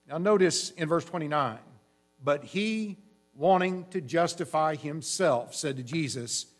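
A man preaching a sermon, explaining scripture in a measured, teaching way with frequent restarts. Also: fairly high pitch, animated.

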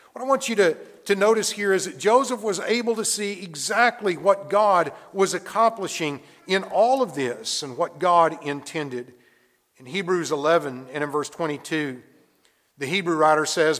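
Male preacher, somewhat high voice, earnest and measured, long hall reverb. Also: fairly bright tone. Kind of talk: sermon.

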